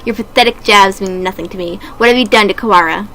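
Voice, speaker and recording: A sinister, self-satisfied male doctor who talks down softly and slowly, as a woman reads him from a game. The tone is hushed but bright and clear-edged, with a faint hiss behind it. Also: mid-range voice, poor audio. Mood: smug. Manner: soft, measured, condescending. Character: smug, sinister male doctor bird, calm and cold.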